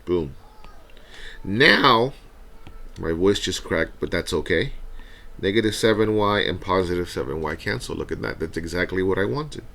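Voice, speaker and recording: A man with a deep voice and some vocal fry explains a math problem one step at a time. He teaches in a recorded review video and keeps checking in with his viewers. His tone stays conversational and patient. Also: fairly quick. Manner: talks through each step, often adds "right?".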